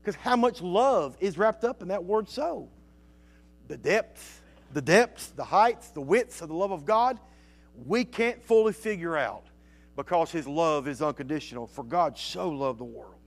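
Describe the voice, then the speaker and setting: A man preaching a sermon, reading scripture slowly and emphatically and dropping to soft asides in between. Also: sits high, lively intonation.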